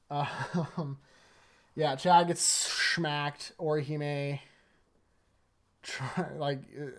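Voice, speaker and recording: A man's voice: fairly high pitch, smooth. A man casually recapping anime episodes in front of a green screen, rambling with lots of fillers like "like" and "uh".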